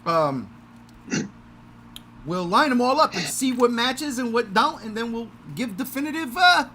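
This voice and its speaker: Loud, lively, bright-voiced male podcast host. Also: very high voice, measured pace, slight background noise. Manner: loud, energetic, self-mocking. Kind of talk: casual livestream chat.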